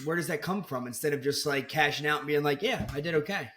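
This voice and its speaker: A man's voice: a little high, fast talker, sharp tone. A man co-hosting a podcast, enthusiastic and casual, calling his guest "dude" and "man". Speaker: podcast co-host. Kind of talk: casual chat.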